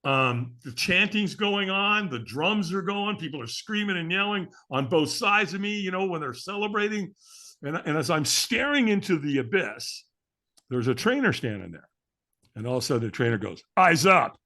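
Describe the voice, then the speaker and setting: A man's voice: sits high, lively intonation, normal speed, bright, forceful tone. A middle-aged man, a podcast guest, telling a story with energy and acting out the voices of the people in it. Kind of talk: animated storytelling.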